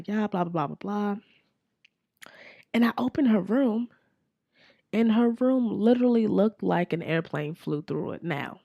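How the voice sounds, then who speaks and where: A woman podcast host in her forties, candidly telling a family story in a casual, profane, animated way. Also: on the low side, no room sound, clean studio sound.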